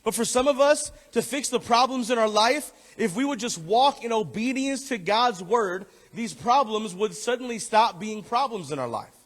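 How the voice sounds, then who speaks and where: A male pastor preaching a sermon, emphatic and repeating key phrases, and at times dropping low and soft for tender appeals. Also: lively intonation, moderate pace, few pauses. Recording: echoey hall.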